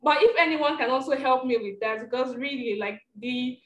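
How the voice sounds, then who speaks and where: A woman's voice: sits high, moderate pace, fairly bright tone. Rambling woman in an echoey room. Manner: rambling, reflective, apologetic. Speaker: participant. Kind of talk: casual faith sharing. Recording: roomy call with faint hum.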